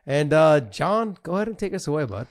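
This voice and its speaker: A man's voice: fairly high pitch, sing-song, brisk. A middle-aged man co-hosting a podcast, laughing through casual banter. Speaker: podcast co-host. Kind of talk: casual chat.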